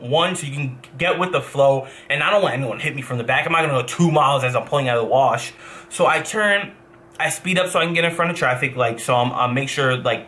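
A young man from New Jersey, a professional gamer, telling a rambling, animated story in a casual vlog and swearing as he backtracks. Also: fairly high pitch.

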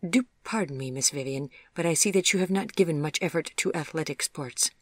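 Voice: medium pitch, brisk, no echo, clean studio sound, natural voice. A narrator voicing a cheerful, easygoing young man with a British accent, jovial and teasing. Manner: jovial, teasing, bursts of enthusiasm.

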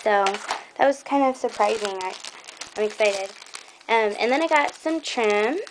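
A young woman chatting casually through a scrapbooking haul, excitable and rambling, with many ums. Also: on the high side, a little slow, noisy background. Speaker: scrapbooking vlogger. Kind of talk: casual show-and-tell haul video.

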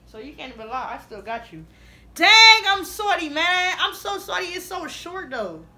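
A woman's voice: extremely high pitch, sing-song, normal speed, sharp tone. A young woman hosting a prank vlog, talking casually to the camera in a playful, slangy, laughing way. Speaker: vlog host.

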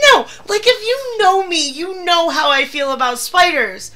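A woman's voice: very high-pitched, animated, a little slow, few pauses, sharp tone. A woman streaming live, panicking, swearing and laughing in fits.

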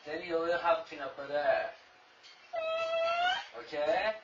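A man teasing and coaxing his pet bird in repetitive baby-talk, captured on an echoey, distant, dull recording with loud noise. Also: a little high, steady tone, takes it slowly. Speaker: pet owner talking to his cockatoo.

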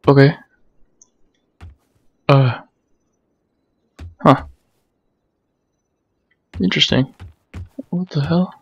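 A man doing let's play commentary, excitable, swearing and yelping when startled. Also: a little high, creaky, slightly rough, no room sound, dull audio. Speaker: gamer.

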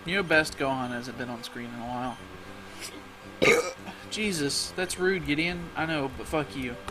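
A man's voice: on the high side, a little slow, poor audio. Sarcastic man narrating gameplay over music. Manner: sarcastic, profane, muttering asides. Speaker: let's play host. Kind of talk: casual gameplay commentary.

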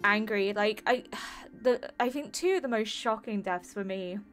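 A woman's voice: medium pitch, a little slow, a bit bright, faint music behind. A woman gaming streamer reacting to a game's ending, emotional and rambling, with lots of fillers.

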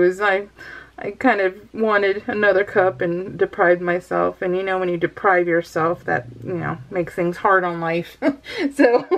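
Giggly rambling woman crafting vlogger. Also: medium pitch. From California. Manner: giggly, rambling, sing-song. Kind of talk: casual chat while crafting.

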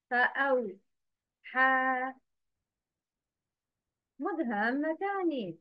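High-pitched woman teacher, slow and patient, asks you to repeat after her, dull dry lo-fi sound. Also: dry recording. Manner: counts and quizzes listeners directly. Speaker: Quran recitation teacher.

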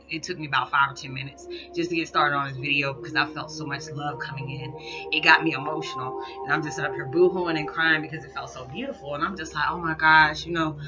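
Rambling woman over background music. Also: low-pitched. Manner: rambling, soft-spoken, full of "you know". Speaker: spiritual vlogger. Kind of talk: casual heartfelt monologue. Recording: dull lo-fi recording with background music. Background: soft background music.

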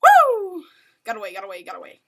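A woman giving excitable, rambling, self-mocking commentary while playing a video game. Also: a little high, normal speed. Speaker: gaming channel host. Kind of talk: live gameplay commentary.

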